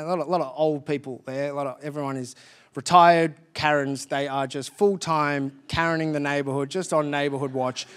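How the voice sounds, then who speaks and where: A man's voice: a little high, a bit bright. An Australian man performing live stand-up comedy on a theatre stage, chatty and storytelling with punchy asides.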